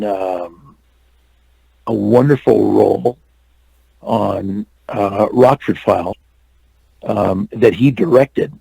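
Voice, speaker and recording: An older man, an actor and stuntman, telling lively anecdotes as a guest in an interview. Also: lowish voice, vocal fry, no room sound, low-quality recording. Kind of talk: storytelling interview.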